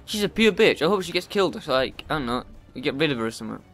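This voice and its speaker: Male let's player, foul-mouthed and frustrated, highish animated voice. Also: rapid-fire, faint music behind. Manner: profane, yells at the game in frustration. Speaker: let's play gamer. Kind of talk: gameplay commentary.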